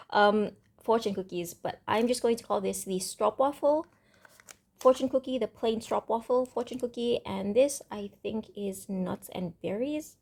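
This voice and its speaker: Husky woman rambling through a tarot reading. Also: medium pitch, a little mellow. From Indonesia. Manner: rambling, thinking aloud with many ums. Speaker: tarot reader. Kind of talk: casual tarot reading to camera. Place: home room with construction noise next door.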